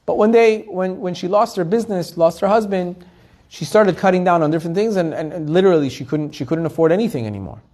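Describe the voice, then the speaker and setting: A man's voice: sits high, fast talker. A man, a rabbi, telling a story in a sermon and acting out each character's lines. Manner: animated storyteller who acts out the characters' quoted lines.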